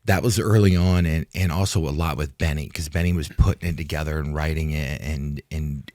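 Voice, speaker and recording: A man's voice: a bass voice, fairly even intonation, fairly quick, a little mellow, dry recording, clean studio sound. A man and retired fighter, a guest in an interview, telling a long story in a rambling way and acting out what others said to him. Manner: rambling, restarts, acts out quoted talk. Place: studio in Hollywood.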